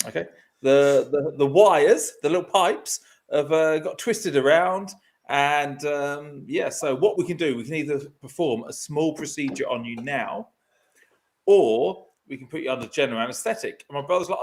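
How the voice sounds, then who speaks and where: A man's voice: on the high side, moderate pace. A man on a podcast, telling a long, rambling story full of fillers and laughter. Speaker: podcast host. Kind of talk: casual storytelling chat.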